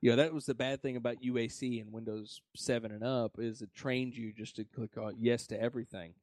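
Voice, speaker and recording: A man's voice: mid-range voice, steady tone, a little fast, darkish tone, no echo. A man hosting a casual podcast, rambling in a laid-back way and swearing now and then. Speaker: podcast host. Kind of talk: casual chat.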